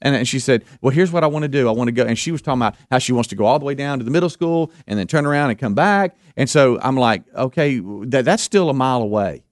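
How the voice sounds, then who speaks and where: A man hosting a live radio show, telling a story in an animated way, repeating words and acting out what people said. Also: medium pitch, fast, hardly any pauses, no echo, clean studio sound. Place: radio studio.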